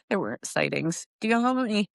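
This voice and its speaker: A middle-aged woman with a gravelly, creaky voice, telling her story in halting, repeated phrases. Her pitch leaps up high as she relives the hardest moments. The sound is dry and close. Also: animated, no room sound. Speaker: guest, grieving mother. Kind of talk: emotional personal storytelling.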